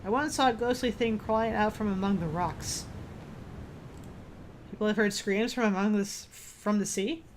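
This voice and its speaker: A woman's voice: mid-range voice, moderate pace, a little hiss or hum, lightly acted. A woman reading a grim old fisherman. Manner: reads game dialogue aloud with some stumbles.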